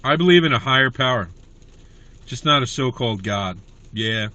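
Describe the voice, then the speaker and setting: A man's voice: mid-range voice, animated, normal speed, bright, forceful tone. A man hosting a comedy livestream, chatting in a rambling way to viewers about his school days. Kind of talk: casual livestream chat.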